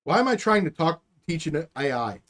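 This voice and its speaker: A man's voice: a little high, big pitch swings, moderate pace, fairly bright tone. A man hosting a casual livestream talk show, joking crudely and hyping the next episodes. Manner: crude, joking, hyped sign-off. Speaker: podcast host.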